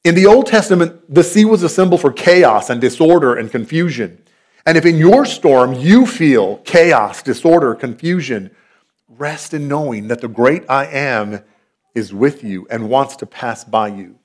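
A man's voice: mid-range voice, lively intonation, measured pace. A man, preaching a sermon as a pastor in an earnest, conversational, storytelling manner.

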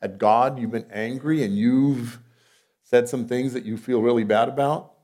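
A male preacher speaks in a steady tone, a little slowly, in a conversational sermon. He poses rhetorical questions while moving between emphatic, loud lines and soft asides delivered low.

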